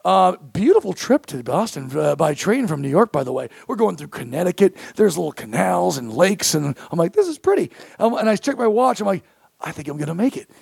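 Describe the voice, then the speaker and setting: A man, a comedian, telling a story in casual chat, animated and profane, acting out the quoted lines. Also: sits high, a little fast, gravelly, slightly rough, no echo. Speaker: comedian guest.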